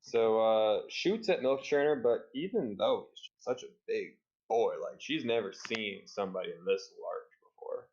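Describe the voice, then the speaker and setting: A man's voice: fairly low pitch, unhurried, muffled recording. A man running a tabletop game as dungeon master, narrating the action, explaining rules and laughing along with the players. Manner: animated, laughs often, acts out enemy lines.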